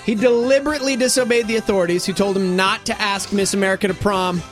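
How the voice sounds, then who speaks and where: A man's voice: high voice, steady tone, quick pace, faint music behind. A man co-hosting a radio show, reading out the number and trading playful jokes. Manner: laughing, playful sidekick. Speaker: radio co-host. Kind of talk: morning radio banter.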